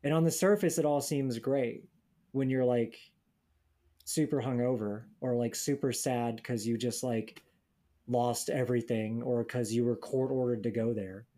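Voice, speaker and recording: A young man talks casually on a podcast with a dark, mellow voice. He tells stories bluntly and sardonically. He swears freely and mimics the people he describes. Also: medium pitch, steady tone, a little slow. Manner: blunt, profane, sardonic storytelling with mocking quoted voices. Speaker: podcast co-host. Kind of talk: casual chat.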